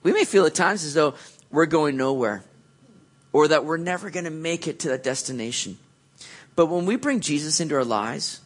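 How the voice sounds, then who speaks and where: A man preaching a sermon, telling the story with lively acted-out moments and earnest encouragement. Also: fairly high pitch. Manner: animated storytelling, acts out quoted voices. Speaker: pastor.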